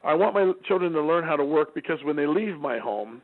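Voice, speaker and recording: A man's voice: a little high, a little fast. A middle-aged man giving a parenting talk, telling stories from home and acting out the voices of the people in them. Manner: lively storyteller who acts out quoted voices. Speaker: parenting speaker. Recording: narrow phone-like sound.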